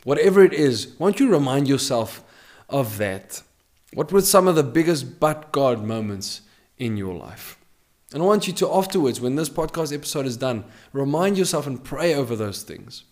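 Emphatic male preacher, loud then hushed. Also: mid-range voice, expressive, normal speed. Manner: emphatic, repeats key phrases, swings between loud and hushed. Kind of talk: podcast sermon.

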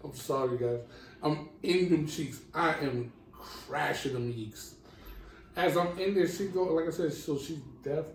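A man telling a crude story on a casual podcast, animated and laughing, with apologetic asides. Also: on the high side, measured pace, recorded from a distance. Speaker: podcast co-host. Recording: roomy, off-mic with faint background noise.

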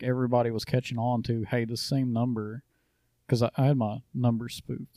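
A man's voice: mid-range voice, dark tone, no room sound. A man co-hosting a podcast, telling stories in a dry, matter-of-fact way. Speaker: podcast co-host. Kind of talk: casual storytelling.

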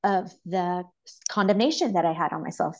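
A mother who is a podcast guest, sharing a personal faith story in an earnest, openly emotional way and laughing softly between thoughts. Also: fairly low pitch, moderate pace. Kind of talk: personal faith testimony in casual chat.

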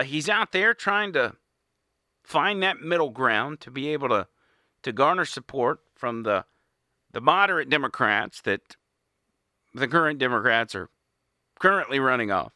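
Bright-voiced indignant male commentator. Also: fairly high pitch, no room sound, studio quality. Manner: indignant, sarcastic. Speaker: political commentator. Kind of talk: opinionated monologue. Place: small home studio.

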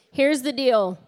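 Middle-aged female pastor, slightly high voice, conversational sermon with laughter and earnest appeals, church setting. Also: a little mellow. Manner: chatty, laughing storyteller turning earnest.

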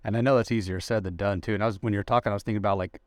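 Man, podcast host, quick pace, dry close mic, enthusiastic casual talk. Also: steady tone, dry recording. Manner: enthusiastic, swears casually, jumps high in pitch.

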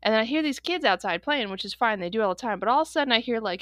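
Bright, animated woman telling stories. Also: on the high side, no room sound, studio quality. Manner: animated storyteller, quick and laughing. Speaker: podcast co-host. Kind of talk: casual chat.

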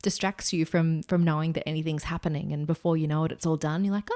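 Woman, podcast host, casual interview, relaxed, deep voice. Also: quick pace, dry recording, clean studio sound. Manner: relaxed, frequent murmured agreement.

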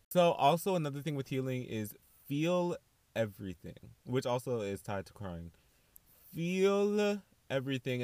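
A young man talks in a casual solo podcast, chatty and sassy, his voice swinging up into animated asides. His voice sits at an ordinary middle pitch. He is recorded close and dry, with no room sound. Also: no echo. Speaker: podcast host.

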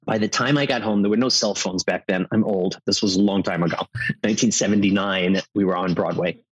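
A man in his fifties, an actor, chatting casually and telling animated stories. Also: on the low side, fairly quick, slightly rough, dry recording, low-quality recording. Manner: animated storyteller, acts out quotes. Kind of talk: casual chat.

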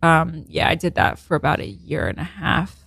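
Chatty woman, low voice, dry sound. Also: big pitch swings, moderate pace, vocal fry, fairly bright tone, husky, no echo. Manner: chatty, upbeat, many fillers. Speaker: comedian guest. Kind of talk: casual podcast chat.

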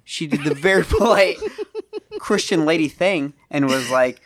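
A young man co-hosting a podcast, telling a rambling story with laughs, swinging between loud and quiet. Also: a little high, normal speed. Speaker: podcast co-host. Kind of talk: casual storytelling chat.

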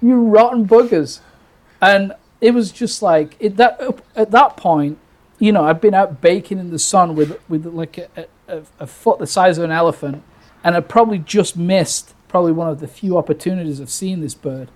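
A man's voice: a little high, moderate pace. A man from Britain telling a birding story casually, full of restarts and acted-out quotes. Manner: animated, restarts often, acts out quoted lines.

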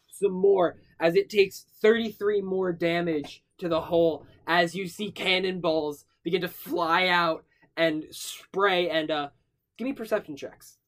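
A man's voice: sits high, fairly even intonation, slow. A young man narrating as game master in a tabletop game, casual and improvising, with loose swearing.

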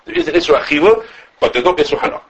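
A husky-voiced man teaches at a rapid clip. His pitch leaps around as he argues through the sources. The recording is dull and lo-fi. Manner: animated, quick, self-correcting, answers questions. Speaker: Torah teacher. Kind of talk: informal halachic class.

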